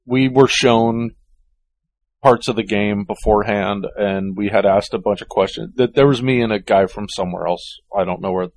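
A man's voice: on the low side, moderate pace. A man co-hosting a casual chat, hesitant and full of restarts. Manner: hesitant, many ums and restarts. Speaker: podcast co-host.

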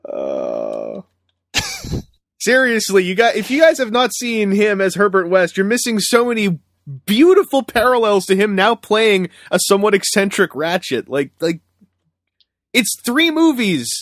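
Male podcast host, higher register, dry close sound; rambling, repeats himself, erupts into excited rants. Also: unhurried, dry recording. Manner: rambling, repeats words when starting, bursts into excited shouts. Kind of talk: casual podcast chat.

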